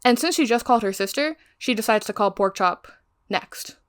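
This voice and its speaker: A woman's voice: on the high side, expressive, moderate pace, clean tone. Chatty woman recapping a thriller novel. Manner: chatty, tangential, swears freely. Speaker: book reviewer. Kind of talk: casual book recap.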